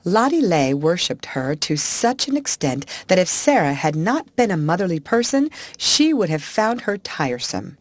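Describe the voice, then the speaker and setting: A woman narrating a classic children's storybook in an expressive, animated reading. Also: lowish voice, normal speed, few pauses, no room sound. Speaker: audiobook narrator.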